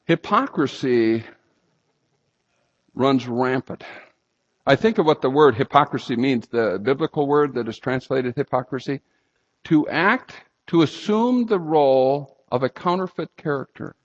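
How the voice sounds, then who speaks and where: A man preaching a sermon, telling stories and sometimes breaking into loud outbursts. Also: mid-range voice, expressive, unhurried. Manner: storytelling with sudden loud outbursts. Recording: slightly dull lo-fi sound.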